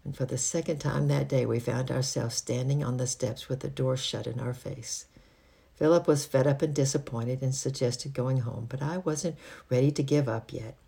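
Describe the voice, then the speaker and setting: Husky, gravelly amateur audiobook narrator for a children's book, a few stumbles. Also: mid-range voice, warm tone. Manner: occasional slips and restarts. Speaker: audiobook reader. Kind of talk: reading a children's book aloud.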